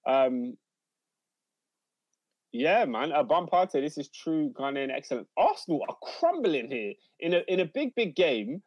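A man's voice: a little high, sing-song, no room sound, lo-fi sound. Chatty man hosting a football stream. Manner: chatty, reads out viewer comments, measured analysis. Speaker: host of a football watchalong stream. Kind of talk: casual live-stream football commentary.

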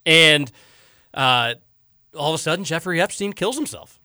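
A man's voice: fairly high pitch, clean tone, dry recording, studio quality. A man hosting a talk show, reading listener texts aloud and ranting emphatically in casual chat. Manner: animated, emphatic and quick to rant. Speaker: radio talk show host.

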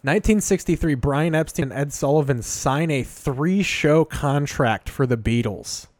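A man's voice: on the high side, a little slow, darkish tone, dry recording. A man hosting a casual podcast, reading out trivia with a sardonic, profane manner.

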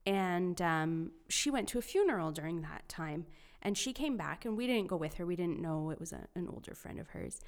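A woman's voice: on the low side, lively intonation, moderate pace, hardly any pauses. A woman co-hosting a youth faith podcast. She chats casually and tells personal stories, dropping "like" and "you know" all through. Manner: chatty, fills speech with "like" and "you know".

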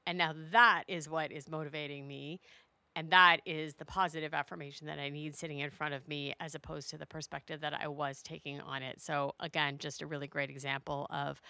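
A middle-aged woman hosts a solo podcast with a low voice and a gravelly edge. Her tone is bright and forward, and she speaks in an earnest, heartfelt way. The close mic sounds dry, with no room around it. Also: no echo. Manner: earnest, heartfelt, building to a rousing finish. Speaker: podcast host.

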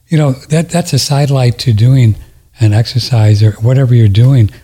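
A man's voice: medium pitch, warm tone, breathy edge. A man hosting a talk radio show, chatting casually and rambling as he demonstrates an exercise. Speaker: radio host.

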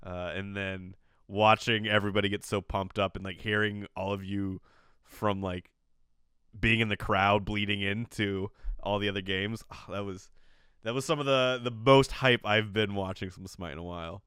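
A man hosting a casual podcast, chatting in a relaxed, playful way and laughing easily with his guest. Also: on the low side, normal speed, clean tone, no echo, studio quality. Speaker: podcast host.

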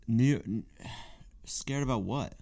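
A man's voice: medium pitch, takes it slowly, creaky, dark tone. A young man in his twenties co-hosting a podcast, teasing his friend and laughing often. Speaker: podcast co-host. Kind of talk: casual chat.

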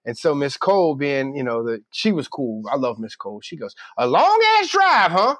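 A man's voice: medium pitch, expressive, fairly quick, no echo. A man from the northern United States, a podcast co-host telling a story in casual chat and acting out the people he quotes.

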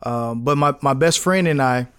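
A man in his thirties from St. Louis leans into his own origin story, filling the gaps with ums and acting out the voices of the people he dealt with. His voice sits at an ordinary pitch and sounds close and dry, with no room around it. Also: moderate pace, smooth, no echo. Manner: relaxed storyteller, with frequent fillers and quoted dialogue. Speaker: guest, business owner. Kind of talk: storytelling in a podcast interview.

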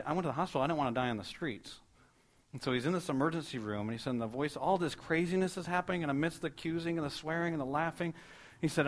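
A male pastor preaching a sermon, telling a story fast and building to emphatic repeated lines. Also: fairly high pitch.

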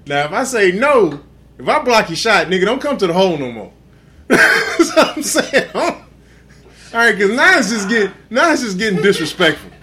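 Man, tipsy podcast co-host, profane storyteller, acts out dialogue, fairly high, bright. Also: sing-song, normal speed, a little hiss or hum. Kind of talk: casual drunk storytelling chat.

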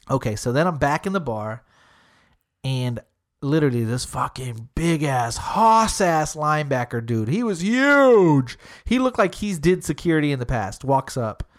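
Animated, slangy young man telling a story. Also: fairly high pitch. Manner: animated, acts out quoted dialogue with shifting voices; heavy swearing, slangy. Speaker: comedy show host. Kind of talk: casual storytelling chat.

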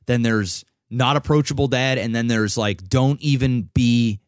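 A man's voice: mid-range voice, a little slow, clear, resonant tone, no echo, studio quality. A young man co-hosting a podcast, telling a long personal story in casual, profane chat full of restarts. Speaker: podcast co-host.

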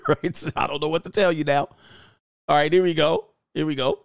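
Brief: middle-aged man, blunt dating coach, animated storyteller, dry close sound. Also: fairly high pitch, a little slow, creaky, pauses often, no echo. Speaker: dating coach reacting to clips. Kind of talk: casual commentary.

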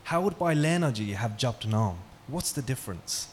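Speaking at medium pitch and normal speed, a man gives an expressive, engaging talk in a hall with an audience, asking them questions and telling stories. Slight background noise can be heard.

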